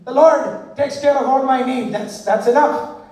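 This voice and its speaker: A man preaching a sermon with a very high voice, weaving stories and call-and-response into his message. His voice rings through a big echoey hall and is picked up from some distance away from the mic. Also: measured pace, darkish tone. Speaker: pastor. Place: large church hall. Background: congregation responding.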